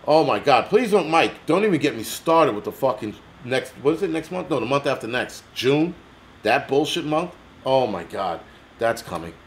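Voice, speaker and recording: A heated American man rants to his livestream audience, blunt and swearing constantly. His voice sits at a plain middle pitch. A faint background hum runs under the recording. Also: sing-song, moderate pace. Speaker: livestream host. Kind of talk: angry ranting livestream.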